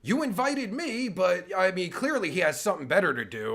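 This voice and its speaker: Reacting to a recording on his podcast, this host launches into profane, sarcastic, angry ranting with constant swearing. His voice is high-pitched and sing-song, gravelly and fairly bright, and he talks fairly quickly with hardly any pauses.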